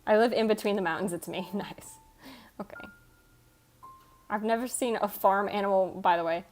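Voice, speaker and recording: A woman streaming from the United States, with a Michigan accent, casually replies to her chat in a chatty, self-deprecating way. Her pitch is medium, her pace moderate, and faint music plays underneath.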